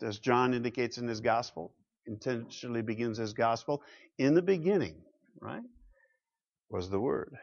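Preaching man, lo-fi, dramatic swings. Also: a little high. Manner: rhetorical questions, swings from loud to hushed. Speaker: pastor. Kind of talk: sermon. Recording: muffled lo-fi sound.

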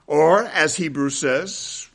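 A man preaching an expository sermon, quoting scripture at length in a measured cadence and slowing to stress key phrases. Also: a little high, creaky, a bit bright. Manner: deliberate, emphatic, with slowed stresses on key phrases.

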